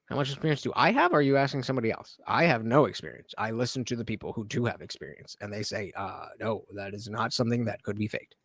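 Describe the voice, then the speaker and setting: A man's voice: on the low side, fast, hardly any pauses, fairly bright tone, no echo. A man hosting a live stream, talking casually and sarcastically, swearing and mocking others with exaggerated voices. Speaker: livestream host.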